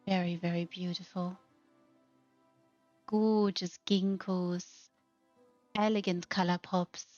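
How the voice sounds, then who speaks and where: A woman's voice: lowish voice, level tone, slow, darkish tone, no echo, highs cut off, faint music behind. A woman hosting a narrated house tour, gushing with effusive praise. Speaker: host.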